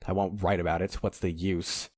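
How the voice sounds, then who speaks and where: Male audiobook narrator, very low voice, dry close recording. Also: level tone, no echo. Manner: measured, dramatic storytelling. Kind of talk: scripted first-person narration.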